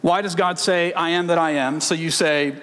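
A man's voice: on the high side, fairly even intonation, normal speed, fairly bright tone. A man giving a sermon-style teaching who reads scripture aloud, uses Hebrew terms and asks rhetorical questions. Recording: long hall reverb.

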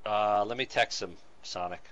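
A man in his forties streaming a game with his son, excitable and laughing, thanking viewers by name. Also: lowish voice, normal speed, lo-fi sound. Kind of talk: casual game-stream chat.

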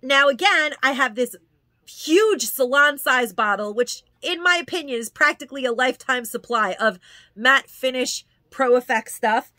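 A woman's voice: high-pitched, animated, normal speed, sharp tone, dry recording. A woman chatting casually through a product haul, gushing and repeating words for emphasis. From New York. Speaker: haul vlogger.

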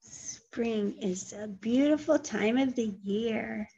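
A woman teacher reading a picture book aloud to toddlers, gentle and full of questions, with animated sound effects. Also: fairly high pitch, takes it slowly, vocal fry, breathy edge, highs cut off. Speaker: early childhood teacher.

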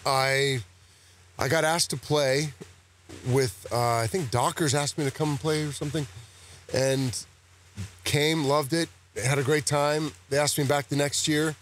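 On a broadcast set with cameras at a golf tournament, a male actor chats casually in an interview, rambling and making self-deprecating jokes. He speaks at a measured pace in a fairly high, steady voice, and there's a little hiss or hum.

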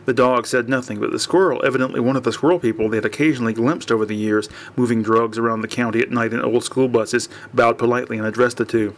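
A man's voice: medium pitch, fairly even intonation, fast, hardly any pauses. A man narrating a surreal comic audiobook himself, reading in a loose, unpolished way and often stopping to correct a word. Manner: unpolished reading with frequent restarts and self-corrections.

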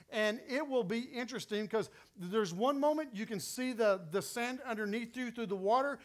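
A middle-aged man with a West Texas accent, preaching a sermon through an animated personal story that builds to emphatic peaks. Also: high-pitched. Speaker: pastor.

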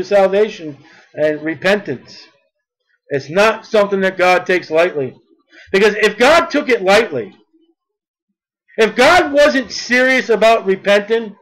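A man preaching a sermon with fervent delivery, building to near-shouts on his key points. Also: sits high, expressive, a little slow, long pauses, poor audio.

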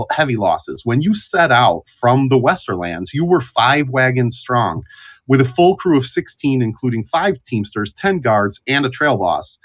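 Man narrating a tabletop game. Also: mid-range voice. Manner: descriptive, with fillers. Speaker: game master. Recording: dull lo-fi audio.

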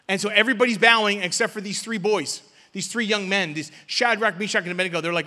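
Male preacher with a high, bright voice, call-and-response sermon, long church reverb. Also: fairly even intonation, a little fast. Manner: call-and-response preaching, swings from loud to hushed. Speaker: guest pastor. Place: church sanctuary.

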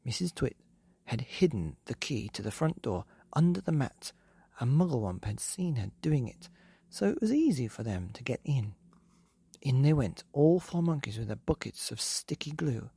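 A man hosting a bedtime story podcast, reading a children's book aloud in a gentle, animated way. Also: medium pitch, moderate pace, gravelly, slightly rough, no room sound.

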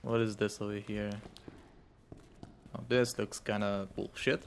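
A man giving reactive gameplay commentary, muttering quietly when tense and yelping and swearing when startled. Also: lowish voice, flat delivery, measured pace, creaky, long pauses, smooth. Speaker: gamer.

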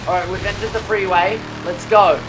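A young man giving live commentary while streaming a racing game, excitable and whooping at near misses. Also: high voice, moderate pace. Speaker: gaming streamer. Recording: game audio with engine noise.

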